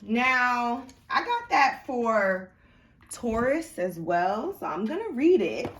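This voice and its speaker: A woman's voice: fairly low pitch, distant mic, slight background noise. Congested woman reading tarot, echoey room. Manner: chatty and rambling, many fillers and restarts. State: congested sinuses. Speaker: tarot reader. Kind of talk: casual tarot reading to camera. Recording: echoey room, mic set back.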